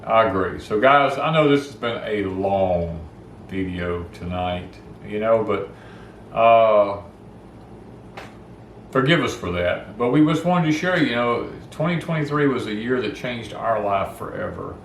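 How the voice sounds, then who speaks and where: A man's voice: on the low side, lively intonation, measured pace, roomy sound. An older man with a Southern US accent, chatting casually with viewers as a homestead channel host in a folksy, rambling way. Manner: folksy, rambling, gets worked up about noise.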